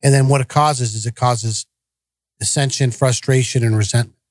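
A blunt, plain-spoken man chatting on a podcast. He tells stories straight, with a voice of middle pitch, and acts out the back-and-forth. The sound is dry and close, with no room around it. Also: fairly even intonation, moderate pace, dry recording. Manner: blunt, direct storytelling, acts out quoted dialogue. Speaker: podcast co-host. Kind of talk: casual podcast chat.

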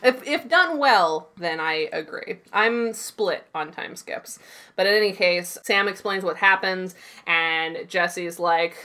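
A woman co-hosting a podcast, casually recapping a TV episode and acting out quick snippets of the characters' lines. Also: on the low side. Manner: animated storytelling with quick put-on quotes. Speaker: podcast co-host.

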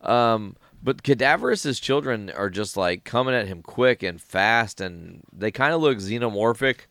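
A man hosting a podcast in casual chat, animated and profane, often acting out quoted lines. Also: fairly low pitch, a little slow, creaky, no room sound, studio quality. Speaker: podcast host.

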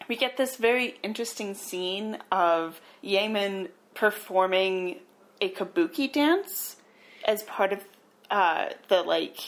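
A woman's voice: mid-range voice, animated, slow pace. A woman co-hosting a podcast, recapping a film in a laid-back way, laughing easily and filling her sentences with "like" and "um". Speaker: podcast co-host. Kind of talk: casual chat recapping a film.

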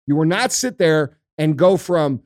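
High-voiced man ranting bluntly, profanely. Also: animated, a little slow, a little mellow, no echo, studio quality. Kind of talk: casual podcast chat.

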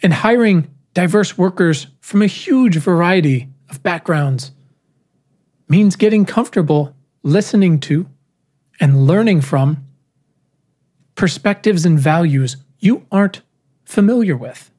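Measured, rhetorical keynote speaker. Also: mid-range voice, expressive, a little mellow. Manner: measured, rhetorical phrasing with emphatic pauses. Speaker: speaker giving a talk. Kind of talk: prepared keynote talk.

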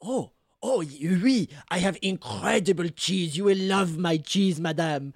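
A man's voice: a little high, measured pace, dry recording. Player doing a campy French food-cart man, fake French accent, dry close sound. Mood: delighted. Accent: put-on French. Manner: mangled franglais, haughty, flattering. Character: savvy French male fried-cheese vendor, theatrical.

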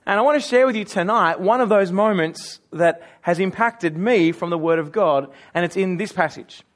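An Australian man preaching with a notably high voice. He speaks in a relaxed, chatty way and pokes fun at himself as he tells stories from the pulpit. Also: normal speed. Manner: conversational storytelling with self-mocking humor. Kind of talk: sermon.

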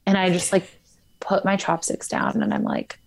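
A woman's voice: medium pitch, little pitch movement, normal speed. A young woman chatting casually on a podcast, telling a personal story with a lot of "like" fillers. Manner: candid storytelling, frequent "like" fillers. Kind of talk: casual chat.

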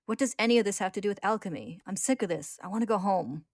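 A woman's voice: medium pitch, fast talker, no echo, clean studio sound, lightly acted. A woman reading the lines of an anxious, homesick younger boy in a plaintive way. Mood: miserable.

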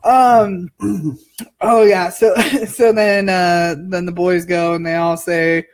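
A woman's voice: on the low side, steady tone, slow. A woman co-hosting a podcast in casual chat, recapping a reality show and laughing often and hard.

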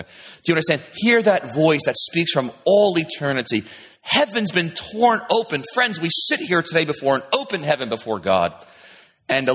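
Preaching with lively energy, this middle-aged pastor shifts between booming, high emphasis and hushed, low asides as he voices his congregation's thoughts. A faint hiss or hum sits in the background.

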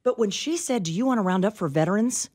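Radio co-host, woman, middle-aged, animated storyteller with an exasperated edge. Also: mid-range voice, quick pace. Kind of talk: casual talk radio chat. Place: radio studio.

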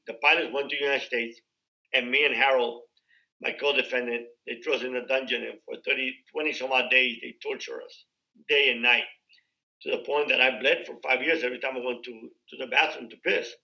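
A man tells his own story loosely and conversationally, with lots of fillers and acted-out quoted dialogue. His medium-pitched voice sounds pushed and bright, and the recording is rough.

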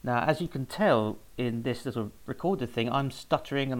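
A man talks casually and at length, wandering from one anecdote to the next. His voice has a gravelly, creaky edge at a middling pitch, and he pads his talk with fillers and restarts. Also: fairly quick, low-quality recording. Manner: rambling and anecdotal, with fillers and self-corrections. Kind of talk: casual spoken talk about research.

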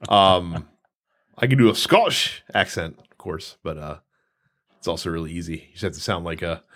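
A man hosting a podcast in easy, casual chat. His pitch swings up and down a lot as he talks, and he keeps pausing on fillers and restarting his sentences. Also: lively intonation, fairly bright tone. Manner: chatty, lots of fillers and restarts. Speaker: podcast co-host.

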